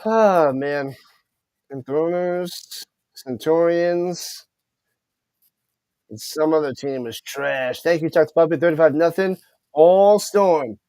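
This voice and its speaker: Guy doing live football play-by-play, kinda high voice, dry close sound, greets the chat and fumbles names. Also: slow, long pauses, no echo. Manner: excited commentary, chats with viewers, stumbles over names. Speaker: play-by-play streamer.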